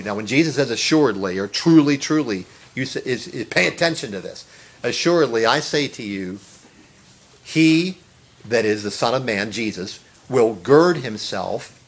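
A man's voice: medium pitch, a bit bright. A man preaching an earnest sermon, stressing phrases, repeating words and rising to exclamations. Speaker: pastor.

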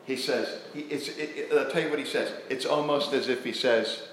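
A man preaching a sermon to a church congregation, posing questions to them in an earnest, animated way. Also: medium pitch, moderate pace, slight background noise. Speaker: pastor. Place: church sanctuary. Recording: very echoey church hall.

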